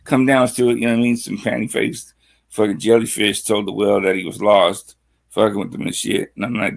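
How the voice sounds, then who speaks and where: A man's voice: fairly low pitch, steady tone, fast, gravelly. A sleepy man who has just woken up, guesting on a livestream and rambling through a story with lots of fillers and crude slang.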